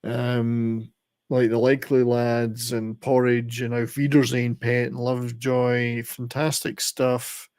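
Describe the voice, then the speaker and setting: A man's voice: mid-range voice, little pitch movement, slow pace, a little mellow, smooth. An older man hosting a casual live stream, rambling and chatty, laughing at his own jokes. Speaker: channel host.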